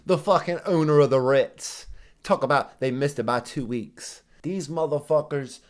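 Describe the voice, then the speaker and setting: Here a man's slightly high voice moves at a normal speed as he hosts a reaction video. His commentary is a profane rant, heated and sarcastic, packed with swearing and mocking remarks, and he imitates others in overblown voices.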